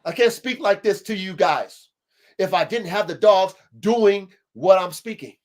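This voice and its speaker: Hosting a livestream podcast, a man who also breeds dogs speaks with preachy, emphatic conviction and swears a lot. His voice is high and unhurried, the talk impassioned.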